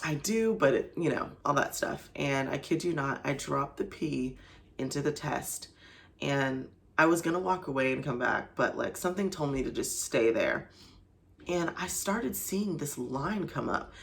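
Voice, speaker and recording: A woman's voice: extremely low pitch, lively intonation, unhurried, vocal fry. A young woman vlogger telling a personal story to camera in a casual, chatty way, full of "like" and "you know". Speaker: faith vlogger.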